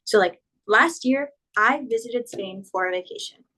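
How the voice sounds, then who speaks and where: Female teacher, patient explainer, walks through conjugation tables slowly and clearly. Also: fairly high pitch, pushed and bright, low-quality recording. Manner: patient, spells out verb endings, slows down for examples. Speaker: Spanish teacher. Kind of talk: explanatory grammar lesson.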